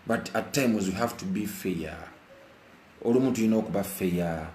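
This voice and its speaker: Impassioned Ugandan man, low voice, echoey room. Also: normal speed, a little mellow, slight background noise. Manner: impassioned, repeats phrases, mixes Luganda and English. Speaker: vlogger. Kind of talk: emotional live commentary. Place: indoors while rain falls outside.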